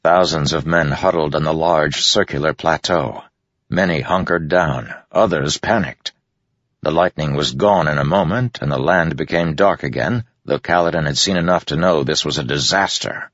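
Man, very deep voice, steady measured audiobook narration, dull lo-fi sound. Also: dry recording. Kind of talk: scripted fantasy narration. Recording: dull lo-fi dry audiobook recording.

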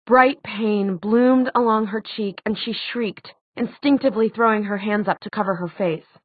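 A woman's voice: mid-range voice, normal speed, dry recording. Woman narrating a story, tinny sound. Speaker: audiobook narrator. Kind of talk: scripted narration. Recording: tinny phone-like dry sound.

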